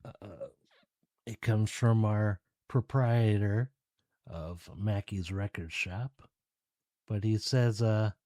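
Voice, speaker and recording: A male podcast host talks alone to his audience in a casual, relaxed, chatty way. His voice is warm and dark, and his pace is unhurried. The recording is dry and close. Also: fairly low pitch, no echo. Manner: relaxed, chatty, addresses listeners directly. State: tired, yawning. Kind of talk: casual solo podcast talk.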